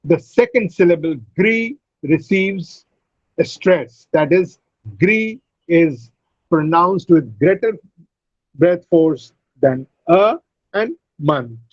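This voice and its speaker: A man teaching pronunciation in an online class. He explains slowly, repeats key words and uses frequent fillers. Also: on the high side, expressive, dry recording, muffled recording. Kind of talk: online English phonetics lecture. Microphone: video call.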